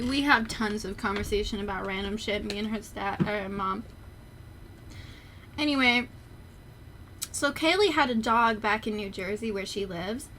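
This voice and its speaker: A young adult woman streamer chatting casually and rambling in an animated way. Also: on the high side, a little hiss or hum. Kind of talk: casual chat on a livestream.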